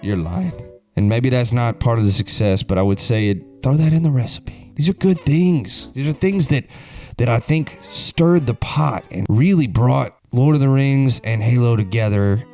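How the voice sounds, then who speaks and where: A man's voice: mid-range voice, moderate pace, darkish tone, faint music behind. A young man hosting a comedic video, ranting in a rambling, crude, mock-serious way. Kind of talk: deadpan comedic rant.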